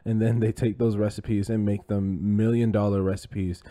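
A man's voice: fairly low pitch, little pitch movement, normal speed, mellow. A man co-hosting a casual podcast, rambling and goofy, swearing now and then. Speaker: podcast co-host. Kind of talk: casual chat.

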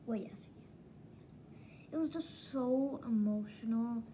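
Slow, mellow-voiced woman rambling through a review. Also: on the high side, a little hiss or hum, poor audio. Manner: rambling, excitable retelling with many restarts. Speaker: book reviewer. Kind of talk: casual manga review.

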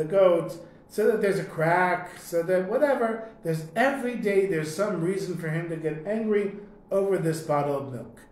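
A man teaching a lesson, telling a long story in a relaxed, conversational way and often clearing his throat. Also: fairly high pitch. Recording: echoey room, faint noise.

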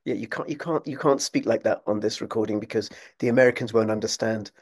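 A man's voice: lowish voice, fast, a little mellow, slightly rough. A man hosting a casual podcast chat, talking with heavy mock-sarcastic praise. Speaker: podcast host. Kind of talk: casual video-call chat.

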